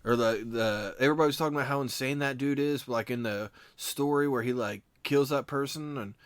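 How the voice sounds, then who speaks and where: A man co-hosting a casual chat podcast, rambling through stories and stopping to correct himself. He acts out what other people said as he goes. His voice is mid-pitched and sounds close and dry. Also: fairly quick, smooth, no echo. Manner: rambling, self-correcting storyteller who mimics others. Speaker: podcast co-host.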